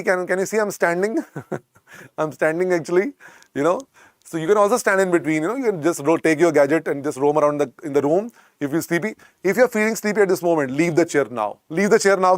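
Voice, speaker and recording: A man with an Indian accent lectures on medicine, drilling each point through emphatic repetition. His voice sits fairly high for a man, and the sound is close and dry with no room echo. He addresses his students fondly as "beta". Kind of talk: exam-prep lecture.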